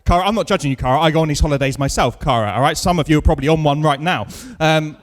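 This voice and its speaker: High-voiced man doing dry stand-up. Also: rapid-fire. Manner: dry, self-mocking storytelling with punchlines. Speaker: stand-up comedian. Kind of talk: stand-up set with crowd work. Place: comedy club stage, live show.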